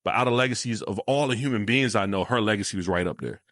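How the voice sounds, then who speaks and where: A man co-hosting a podcast, talking in a reflective, encouraging and steady way. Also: lowish voice, quick pace, dry recording, studio quality. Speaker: podcast co-host. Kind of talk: casual chat.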